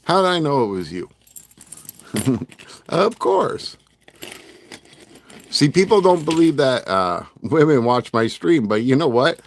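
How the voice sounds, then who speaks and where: A man's voice: mid-range voice, big pitch swings, a little slow, a little hiss or hum. A middle-aged man hosting a casual livestream, rambling and joking with his chat and laughing often. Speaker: livestream host.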